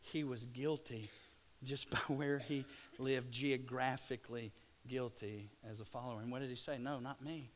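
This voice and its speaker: A man from Louisiana, preaching a sermon and swinging between hushed, slow passages and loud, excited bursts. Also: mid-range voice. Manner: dynamic, swings from hushed to shouting. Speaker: pastor.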